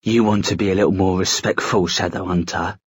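A man's voice: low-pitched, fairly even intonation, a little fast, breathy edge, no room sound, clean studio sound. A man doing a growling menacing werewolf. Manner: growling, threatening.

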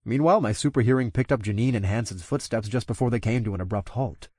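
Guy reading an audiobook in first person, mid-pitch, steady and chatty, dry close mic. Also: fast, no room sound. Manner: steady, conversational storytelling. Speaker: narrator.

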